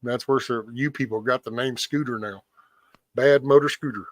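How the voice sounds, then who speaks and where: A man's voice: medium pitch, moderate pace, no room sound. A man, hosting a live stream and telling stories in casual chat, acting out quotes and swearing freely. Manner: animated storyteller, acts out quotes, swears freely.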